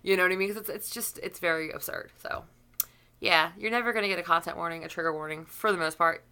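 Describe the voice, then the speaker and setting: A woman's voice: fairly low pitch, quick pace, pushed and bright, clear, resonant tone. A woman YouTuber giving a blunt, profane opinion rant to camera, rambling with restarts.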